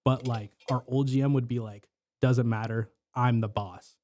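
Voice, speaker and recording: Dark-voiced young man, rambling casually. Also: medium pitch, fairly even intonation, moderate pace. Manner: rambling, heavy filler words and swearing. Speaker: guest telling work stories. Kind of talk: casual podcast chat.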